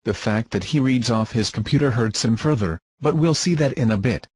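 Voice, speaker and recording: A man's voice: mid-range voice, moderate pace, a little mellow, husky, dry recording. A man reading scornful, dismissive commentary in formal wording. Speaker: commentator being rebutted. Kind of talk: scripted insult commentary.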